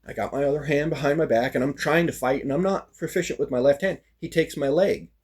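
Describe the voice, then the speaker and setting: A man casually telling a personal story about a fighting practice, animated and full of fillers, acting out the lines of the people in it. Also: on the high side, fast, slightly rough. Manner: animated, acts out quoted lines, frequent fillers.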